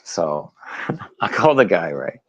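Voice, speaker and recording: A man guest telling stories in an interview, animated and laughing often. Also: sits low, takes it slowly, slightly rough, no echo, lo-fi sound. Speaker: guest, former wrestler. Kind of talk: storytelling interview.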